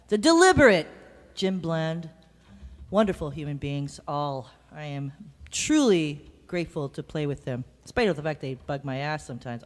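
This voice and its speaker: A woman's voice: sits low, in a large hall. Playful woman bantering on a jazz stage. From Canada. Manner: playful, self-mocking, quick asides. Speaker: jazz singer. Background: live band instruments.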